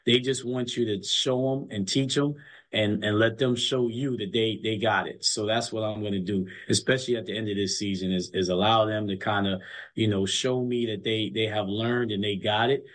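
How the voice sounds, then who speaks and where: Emphatic storytelling coach. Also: male voice, fairly low pitch, steady tone, moderate pace, fairly bright tone. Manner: emphatic storyteller, repeats words as he builds a point. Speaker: college basketball coach. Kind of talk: casual interview chat.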